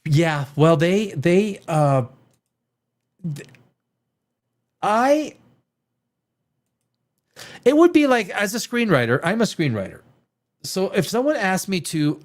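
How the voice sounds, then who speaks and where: Male host, a screenwriter, in a fired-up review rant: slightly high voice, lively pitch, halting restarts and profanity. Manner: animated, restarts often, swears, mimics dialogue. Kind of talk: ranting review chat.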